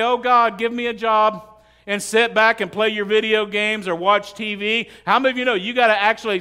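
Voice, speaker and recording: A middle-aged man delivers a sermon as a pastor, his voice high and ringing bright. He keeps it conversational and funny, slipping into quoted prayers and everyday scenes to make his point.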